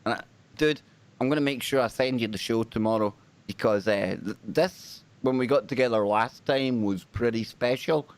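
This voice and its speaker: A man's voice: medium pitch, normal speed. A man with a British accent hosting a live paranormal stream, talking casually and joking with his audience. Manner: lively, jokey, chatty with the audience. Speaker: host.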